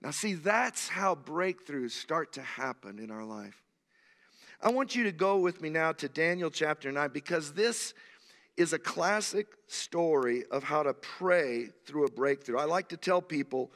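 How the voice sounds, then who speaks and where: A man in his sixties, a pastor, preaching a sermon and telling stories in an animated, emphatic way. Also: a little high, normal speed. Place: church sanctuary. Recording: long church hall reverb.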